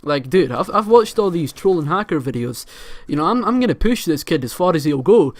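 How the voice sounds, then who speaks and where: Profane Edinburgh Scottish gamer rambling. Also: male voice, a little high, sing-song, a little fast. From Scotland. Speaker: gaming channel host. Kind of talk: casual storytelling vlog.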